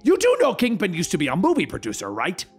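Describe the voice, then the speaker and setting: A man voicing Electro, a loud, hot-headed male supervillain who shouts and taunts. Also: high voice, huge pitch swings, quick pace, breathy edge, heavily acted. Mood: angry, taunting.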